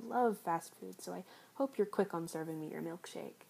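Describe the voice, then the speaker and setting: A woman performing an adult audio role-play, teasing and sarcastic, often slipping into soft whispers. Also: lowish voice, normal speed, creaky, slightly rough.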